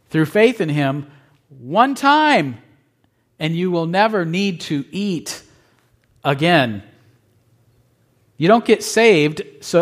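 Emphatic preaching man, higher voice. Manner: emphatic, asks the congregation "right?". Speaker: pastor. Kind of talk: sermon.

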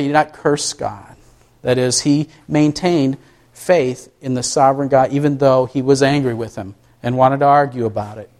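A man preaching a sermon, asking his listeners questions and answering them himself, swinging up high and loud for emphasis. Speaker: pastor.

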